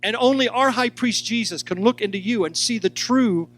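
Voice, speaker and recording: A man teaching a sermon, animated, acting out quoted lines and speaking straight to his listeners. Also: high voice, normal speed. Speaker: Bible teacher.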